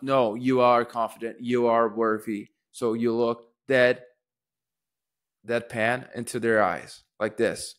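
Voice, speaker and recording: Demonstrating rising and falling intonation on sample phrases, a man teaches public speaking in a casual lesson, thinking aloud and restarting often. His pitch is medium, his tone steady, and his pace slow.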